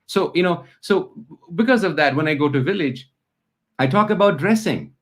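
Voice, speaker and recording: A middle-aged man with a Bangladeshi accent hosting an interview, talking in an impassioned, animated way with many fillers and restarts. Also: a little high, moderate pace. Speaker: interview host. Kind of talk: conversational interview.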